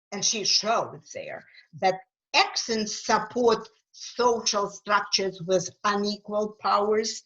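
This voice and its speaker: Slow-spoken Ukrainian-accented woman on a dull call. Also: medium pitch, fairly bright tone. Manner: earnest, emphatic, with frequent fillers. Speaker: guest speaker, author. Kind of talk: webinar talk answering questions. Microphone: video call.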